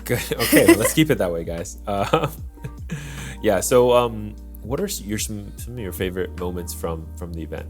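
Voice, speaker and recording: A lower-pitched man in casual podcast talk, animated and rambling with filler words. There is a faint bed of music under him. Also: normal speed. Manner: excitable, lots of "like" fillers. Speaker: podcast co-host. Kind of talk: casual chat.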